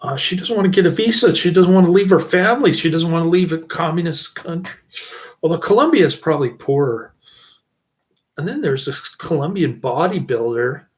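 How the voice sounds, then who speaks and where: A man's voice: a little high, expressive, moderate pace. A middle-aged man giving a casual, rambling channel update, often breaking into chuckles. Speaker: channel host.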